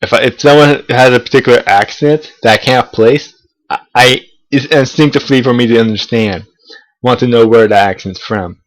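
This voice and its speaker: A man's voice: mid-range voice, normal speed, rough recording. A young man, a college student, talking casually to camera in a rambling way, with frequent restarts and swearing. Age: young adult. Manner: rambling, profane, hesitant restarts. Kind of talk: casual talking-head vlog. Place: South of the United States.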